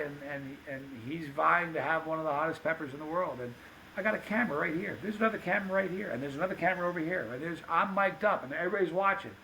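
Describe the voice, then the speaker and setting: A man telling stories on a podcast, animated and acting out the dialogue of the people in them. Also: a little high, a little hiss or hum, low-quality recording. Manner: animated anecdote-teller, acts out quoted dialogue. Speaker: podcast guest, pepper show host. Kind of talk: casual storytelling.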